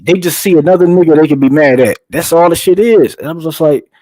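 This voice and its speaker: A man's voice: a little high, a little fast, dark tone, slight background noise, low-quality recording. A man in casual chat, talkative and profane, explaining his views at length.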